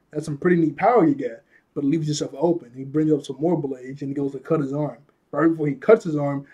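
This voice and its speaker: A man's voice: on the high side, warm tone, slightly rough. A man casually recapping an anime episode, chuckling often and a bit out of breath, with a loose, apologetic way of talking. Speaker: anime reviewer.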